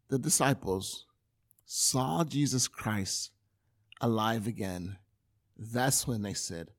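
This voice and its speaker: A man preaching a sermon, animated and repetitive, asking rhetorical questions. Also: medium pitch. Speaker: pastor.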